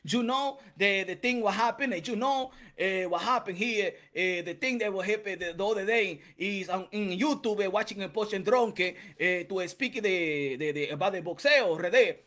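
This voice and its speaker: A man's voice: sits high, a bit bright, pitched below the performer's own voice. A man imitating a Dominican man who stumbles through broken English with a Dominican Spanish accent, filling every gap with "eh". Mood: groping. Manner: halting, full of "eh" fillers.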